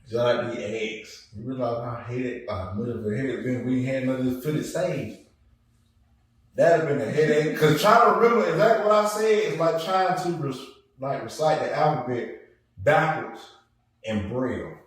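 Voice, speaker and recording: A man's voice: medium pitch, moderate pace. A man hosting a podcast in casual chat, joking and laughing often, with slangy speech. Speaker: podcast host. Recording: echoey room, far from mic, faint noise.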